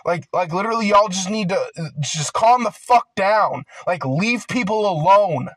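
A young man in a casual ranting monologue, rambling with constant filler words and swearing, growing loud and heated at times. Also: high-pitched, lively intonation, moderate pace, no room sound. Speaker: vlogger.

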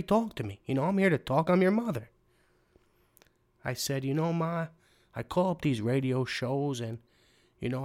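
A man's voice: mid-range voice, creaky. A young man hosting a comedic podcast, telling a rambling story with lots of fillers in a streetwise tough-guy manner. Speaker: podcast host.

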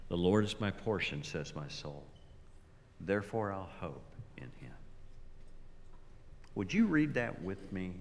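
A male pastor preaching a sermon, slow and deliberate, swinging from loud emphasis to near whispers. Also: low voice, a little hiss or hum. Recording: long reverb of a large hall.

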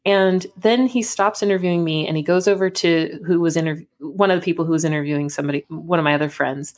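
A young woman in casual chat, telling a story in an animated way and acting out the dialogue. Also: low-pitched, quick pace.

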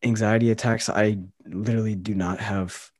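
A man's voice: fairly low pitch, fairly even intonation, moderate pace, a little mellow, no room sound, studio quality. A man co-hosting a podcast, talking earnestly and reflectively in casual chat with many fillers. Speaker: podcast co-host.

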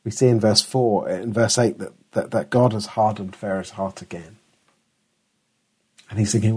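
A man's voice: on the low side, steady tone, normal speed, long pauses, breathy edge. A middle-aged man preaching a sermon in an earnest, emphatic way, often restarting his words.

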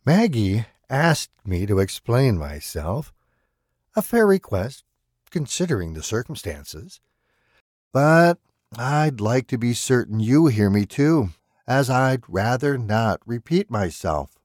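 A man voicing a calm, polite killer in an audiobook, speaking in a precise, mannered and coolly threatening way. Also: mid-range voice, slow, no room sound, studio quality, pitched above the performer's own voice. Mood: menacing. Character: calm, menacing male killer, polite and unhinged.

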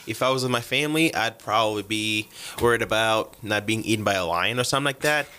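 Young guy chatting, lots of "like", brightish, lowish voice. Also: quick pace, a little hiss or hum. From Uganda. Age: young adult. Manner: animated, filler-heavy. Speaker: guest. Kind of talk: casual chat.

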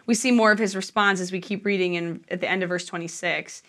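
A woman's voice: medium pitch, level tone, fast talker, few pauses, a bit bright. A woman preaching a sermon in a church, telling the story in a chatty, conversational way with frequent fillers.

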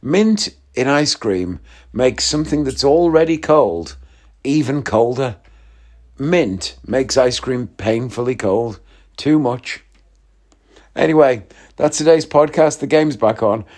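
A man's voice: mid-range voice, animated, slow pace, a little mellow. A young man, hosting a podcast and telling a story in casual chat, joking and laughing as he goes. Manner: chatty, jokey, laughs at his own stories. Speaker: podcast host.

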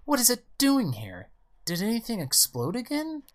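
A man voicing a nervous middle-aged mother who bursts into high, startled exclamations. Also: lively intonation, a little fast, gravelly, a bit bright. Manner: sudden startled outbursts. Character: anxious middle-aged mother, jumpy and sharp-tongued.

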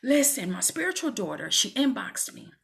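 A woman's voice: a little high, sing-song, normal speed, vocal fry. A woman minister giving a fervent, preacherly faith testimony to women viewers from her home. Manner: fervent, preacherly, calls listeners "y'all".

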